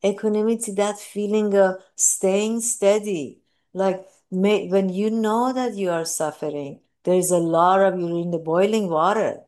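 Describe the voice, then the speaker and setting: A woman with a medium-pitched, darkish voice gives an earnest, reflective personal talk on mindfulness and grief. She often pauses and restarts, and her voice jumps up with feeling as she retells moments.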